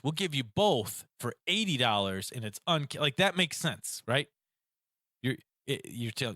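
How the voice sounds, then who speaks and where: A man on a casual podcast telling an animated, ranting story about phone calls and acting out both sides. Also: a little high, no room sound, studio quality. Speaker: podcast co-host. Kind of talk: casual chat.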